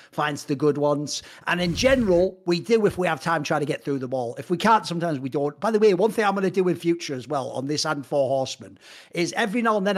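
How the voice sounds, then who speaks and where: Fast, emphatic British man. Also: a little high. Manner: emphatic, combative, swears freely. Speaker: podcast co-host. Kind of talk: casual esports discussion.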